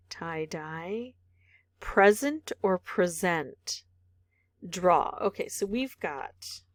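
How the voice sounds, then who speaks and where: A woman vlogger with a fairly low voice thinks aloud while solving a word puzzle, muttering possible words, half-whispering some and second-guessing herself. The sound is clean and studio-like, with no room sound.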